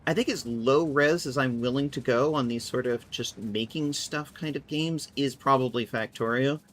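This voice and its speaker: A woman's voice: very deep voice, moderate pace. A woman casually chatting and thinking aloud while she plays a game on a live stream, sometimes mocking herself. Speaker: livestreamer.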